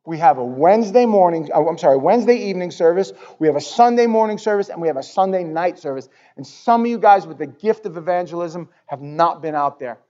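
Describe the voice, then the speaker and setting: A male pastor preaching a sermon in a church, talking in an animated, conversational way and often repeating words. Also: high-pitched, fast talker, hardly any pauses, dull audio. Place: church sanctuary.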